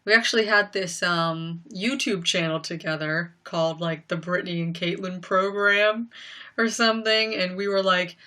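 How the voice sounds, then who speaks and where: Bright-voiced young woman chatting on a livestream. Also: lowish voice, fairly even intonation, moderate pace, recorded from a distance. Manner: rambling, lots of fillers, emphatic. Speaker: livestream host. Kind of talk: casual livestream chat.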